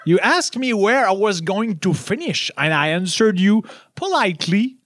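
A man's voice: sits high, very animated, normal speed, a bit bright, no room sound. A man with a French accent, a native French speaker, doing an improvised comedy bit, laughing often and over-enunciating each syllable.

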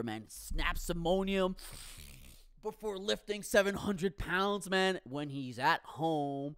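Guy doing a sweary comedy rant, super animated, yells sometimes. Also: sits high, slow pace, clear, resonant tone, dry recording, clean studio sound. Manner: animated, swearing, bursts of shouting. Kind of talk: profane comic rant.

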